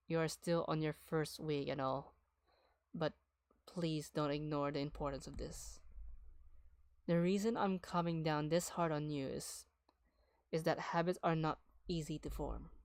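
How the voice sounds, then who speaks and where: Woman voicing a firm male school nurse, low and hushed, for a game read-through. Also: no room sound. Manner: low, quiet, firm lecturing. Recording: guitar music behind.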